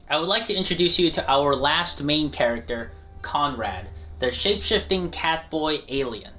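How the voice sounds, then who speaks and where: A man giving a casual, joking pitch for an animated show in an energetic, conversational way.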